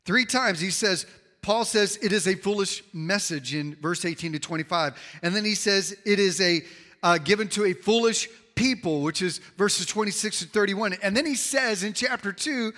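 A man with a high, bright voice delivers a sermon in a church, sinking to low, quiet emphasis and then climbing loud and high at his peaks. His voice carries through the sanctuary's long reverb. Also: normal speed. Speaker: pastor. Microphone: handheld or wireless mic.

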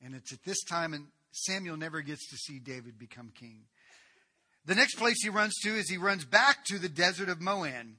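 A man preaching a sermon, retelling a Bible story in a lively way with casual asides. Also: a little high, normal speed.

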